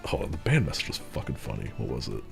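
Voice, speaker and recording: A deep-voiced man streams from a home setup with a desk mic and chats casually with his audience. He rambles through stories full of swearing and mockery, laughing at his own jokes. Soft music plays faintly behind him. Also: wildly swooping pitch, quick pace, gravelly. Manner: rambling, profane storytelling, mocking and laughing. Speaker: streamer moderating a Discord community. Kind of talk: casual livestream chat.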